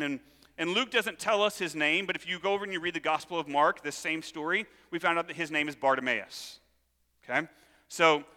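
Male pastor, animated sermon storyteller, bright tone, reverberant church hall. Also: fairly high pitch. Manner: animated storytelling, acts out voices.

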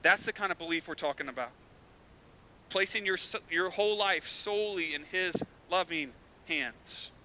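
A young man preaches to his congregation in a high, very bright voice. He tells his story loosely, with plenty of filler words, then presses his points with rising emphasis. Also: moderate pace, a little hiss or hum, rough recording. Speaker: pastor. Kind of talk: sermon.

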